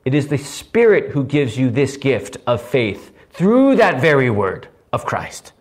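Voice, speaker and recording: A man preaching an earnest, animated teaching sermon, often checking in with his listeners by asking "right?". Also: mid-range voice, a little slow. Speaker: pastor.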